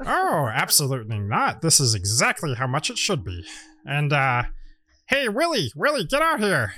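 A man's voice: medium pitch, huge pitch swings, normal speed, sharp tone, exaggerated voice. A man voicing a boastful male gnome adventurer who talks in a raised, fussy, hesitant way.

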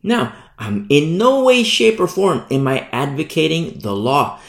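A man's voice: on the high side, very animated, measured pace, gravelly. Male pastor preaching, emphatic and repetitive, recorded in an echoey room. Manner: emphatic, repeats key phrases, frequent "you see". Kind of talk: sermon.

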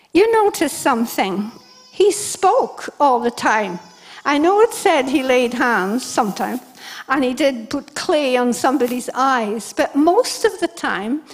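A woman with a high voice preaches a sermon to her congregation. She tells the scripture stories with animation and acts out the lines of the people in them. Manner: animated storytelling, acting out quoted speech. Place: church service before a congregation.

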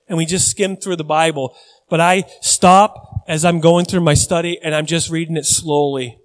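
Middle-aged pastor, earnest sermon delivery, slightly high voice, builds to emphatic refrains. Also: male voice, steady tone, a little fast.

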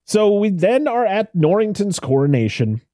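Co-hosting a film podcast, a man with a high but dark-toned voice talks at normal speed with big pitch swings. In this casual review chat he retells scenes and laughs a lot, captured in a dry, clean studio recording.

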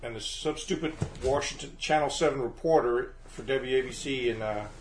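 A middle-aged man reminisces in a casual family podcast, telling his stories at an unhurried pace. His mid-pitched voice rings with a noticeable room echo. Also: a little hiss or hum. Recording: echoey room.

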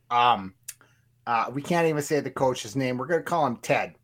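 A man's voice: mid-range voice, moderate pace, fairly bright tone. A man co-hosting a casual sports chat, joking and telling stories, with frequent stammering restarts. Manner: stammering restarts, jokey storyteller. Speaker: podcast co-host.

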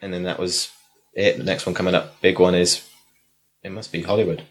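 A man chatting as a guest, relaxed and self-deprecating. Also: low voice, fairly quick. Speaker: guest performer. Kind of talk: casual chat.

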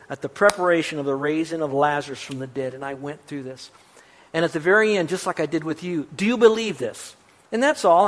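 Emphatic man preaching a sermon. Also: fairly high pitch. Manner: emphatic and animated, voice rising on quotations; wry asides to the congregation. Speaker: pastor.

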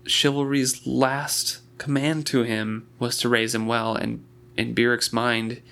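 Guy cohosting a book chat, short agreeing comments, gravelly fry. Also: medium pitch, flat delivery, takes it slowly, fairly bright tone. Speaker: podcast co-host. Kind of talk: casual book discussion.

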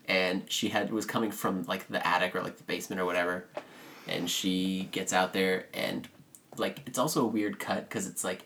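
Podcast co-host, male, deep-ish voice, sarcastic, acts out the characters' lines, slight background noise. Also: fairly bright tone. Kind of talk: casual movie recap chat.

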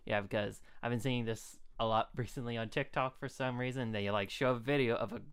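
Laid-back woman podcast co-host with a very deep voice, short replies. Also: fairly even intonation, a little fast, clear, resonant tone. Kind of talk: casual chat.

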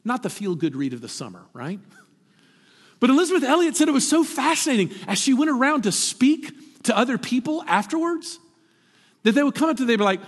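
A man preaching a sermon, climbing to emphatic peaks and then dropping low. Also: big pitch swings, a little fast, breathy edge. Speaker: pastor. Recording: long hall reverb.

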